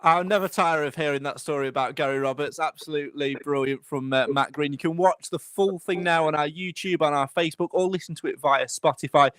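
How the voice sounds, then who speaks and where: A man hosting a football podcast, chatty with brisk announcements between segments. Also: a little high, fairly bright tone, dry recording. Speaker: podcast host.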